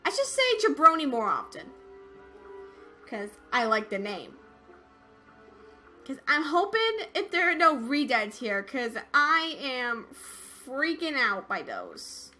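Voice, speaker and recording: A high, bouncy young woman's voice swooping all over as she talks through a video game. She speaks slowly and brightly, quick to squeal and laugh, with faint game music underneath. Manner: excitable, frightened squeals and laughs. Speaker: let's play gamer. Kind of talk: casual gameplay commentary.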